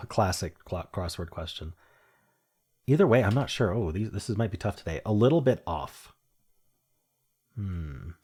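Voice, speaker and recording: A man's voice: low voice, a little mellow, breathy edge. A young man casually talking through word puzzles, musing aloud and chuckling at his own jokes. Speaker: puzzle game streamer. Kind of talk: casual solo commentary while solving puzzles.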